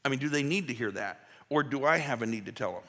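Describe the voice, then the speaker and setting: A man's voice: medium pitch, lively intonation, quick pace, pushed and bright. A man preaching a conversational sermon as pastor, folksy and full of asides and restarts. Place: church sanctuary. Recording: long church hall reverb.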